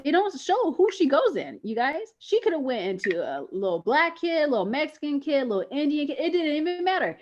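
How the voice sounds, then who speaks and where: A woman co-hosting a casual panel chat, making her point in a lively, conversational way. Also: high voice, brisk, hardly any pauses, a little hiss or hum. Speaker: podcast co-host. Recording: lo-fi online call audio.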